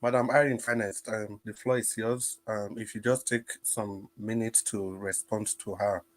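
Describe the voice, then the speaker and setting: Male moderator, calm and polite, repeats names to restore order. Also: fairly low pitch, normal speed. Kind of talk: moderating an online panel.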